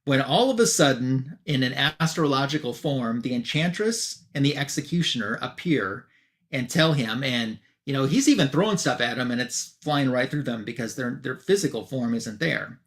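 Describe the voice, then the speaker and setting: A man's voice: mid-range voice, animated. A chatty man retelling a comic. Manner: chatty, with loose fillers and quick asides. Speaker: comic book reviewer. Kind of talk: casual retelling of a comic issue.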